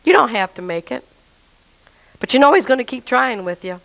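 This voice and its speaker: A woman's voice: on the high side, expressive, normal speed, fairly bright tone, rough recording. Earnest woman giving a faith testimony. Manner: earnest, emotional, talks straight to the listener. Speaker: testimony speaker.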